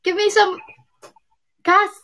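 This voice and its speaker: A woman's voice: very high voice, flat delivery, slow, pushed and bright. A young woman, hosting a playful prank call and mixing English with Tagalog. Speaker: host.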